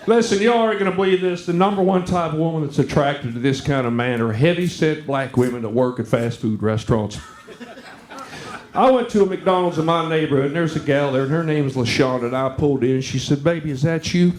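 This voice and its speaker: Man, stand-up comic, drawling crowd work, fairly high voice, roomy club sound. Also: brisk. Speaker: stand-up comedian. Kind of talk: stand-up comedy routine. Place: comedy club stage. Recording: echoey club room. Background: audience laughter.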